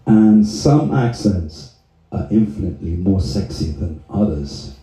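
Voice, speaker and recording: A man's voice: low voice, animated, a little slow, mellow. A man performing a stand-up comedy set, telling profane, laid-back stories to a live audience on a club stage. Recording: echoey live venue.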